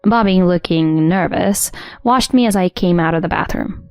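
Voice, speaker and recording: A woman narrating a first-person story in an even, composed way. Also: fairly low pitch, moderate pace, clean tone, no echo, studio quality. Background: soft music.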